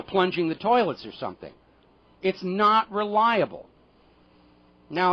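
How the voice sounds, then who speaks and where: A man's voice: high voice, dull audio. A middle-aged American man hosting a radio talk show, editorializing solo with an indignant, sardonic manner.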